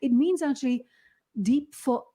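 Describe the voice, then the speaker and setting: A woman with a high, mellow voice hosts an interview in easy conversation. She talks warmly and laughs often, with loose restarts. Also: a little slow. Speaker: host. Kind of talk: interview chat.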